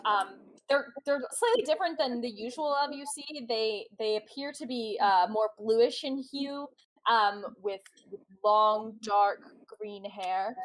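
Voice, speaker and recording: A woman's voice: fairly high pitch, a little slow, poor audio. A woman narrating as game master, chatty and giggly, with many fillers.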